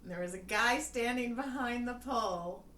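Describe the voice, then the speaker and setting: A woman's voice: a little high, normal speed, fairly bright tone. A woman co-hosting a podcast, telling everyday stories in casual chat and laughing often. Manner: giggly storyteller, laughs often. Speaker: podcast co-host. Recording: echoey room, distant mic, faint noise.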